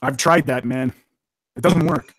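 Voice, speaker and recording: A man's voice: medium pitch, unhurried, a bit bright, husky, no room sound, poor audio. Rambling, profane man on a dry mic. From Canada. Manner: rambling, profane, laughs at own jokes. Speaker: podcast guest. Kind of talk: casual podcast chat.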